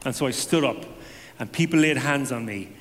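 Guy sharing his testimony, lively and joking at his own expense, big echoey hall. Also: mid-range voice, brisk. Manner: animated storytelling with self-deprecating humor. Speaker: speaker giving a personal testimony. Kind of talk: conversational testimony to a congregation.

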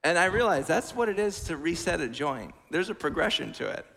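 A man preaching a sermon in a lively, conversational way, with asides, in a church hall. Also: fairly high pitch, brisk, creaky. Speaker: pastor. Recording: long church reverb.

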